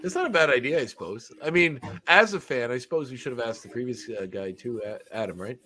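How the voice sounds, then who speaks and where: A man's voice: mid-range voice, expressive, quick pace, sharp tone. A young adult man co-hosting a podcast, talking in a casual, rambling, self-mocking joking way. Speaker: podcast co-host.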